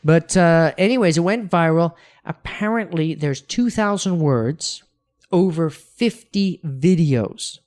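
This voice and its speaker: A man co-hosting a casual podcast, telling stories with lots of energy, acting out quotes and restarting his sentences. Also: fairly high pitch. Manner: animated storyteller, acts out quotes, many restarts. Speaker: podcast co-host.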